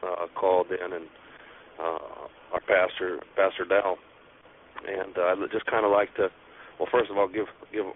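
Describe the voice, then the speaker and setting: A man, a church elder, calling in to a radio show, earnest and halting with many pauses. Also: low voice, level tone. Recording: phone line with faint noise.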